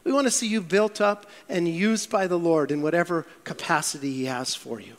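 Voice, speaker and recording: A male pastor preaches in a church, his voice sitting high for a man. He tells stories with animated, acted-out quotes, and a long reverb trails off every phrase. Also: fairly quick. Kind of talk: sermon.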